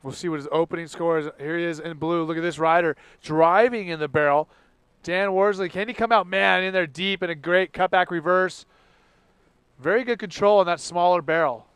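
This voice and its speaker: A man calling a live sports contest play-by-play, in an energetic, exclamatory way. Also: sits high, normal speed, clear, resonant tone, no room sound. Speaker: contest commentator.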